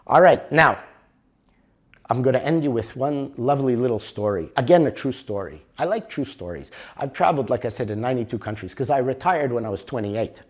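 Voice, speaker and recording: A middle-aged man from Canada presenting a motivational workshop, telling a story in a lively way and acting out the dialogue. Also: mid-range voice, brisk. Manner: animated storyteller, acts out dialogue.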